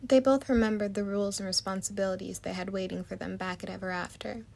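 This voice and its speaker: A woman narrating a storybook chapter in a soft, even manner. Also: mid-range voice, fast, gravelly, a little hiss or hum.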